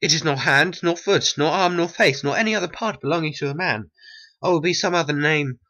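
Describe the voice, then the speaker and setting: A man's voice: on the high side, a little fast, bright, forceful tone, highs cut off. A man voicing a young lovestruck woman in a homemade stop-motion animation, speaking earnestly.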